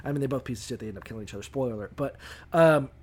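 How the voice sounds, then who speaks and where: A man co-hosting a casual podcast, rambling, swearing often and acting out quick quotes. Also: medium pitch, a little mellow. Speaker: podcast co-host. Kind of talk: casual profane chat.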